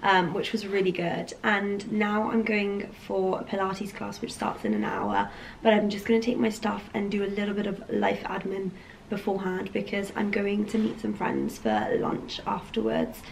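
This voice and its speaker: Young woman, casual vlog chat, very gravelly croaky voice, rambling with fillers. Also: mid-range voice, animated, moderate pace, slight background noise, poor audio. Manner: chatty, rambling with many ums and likes. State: croaky morning voice. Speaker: vlogger.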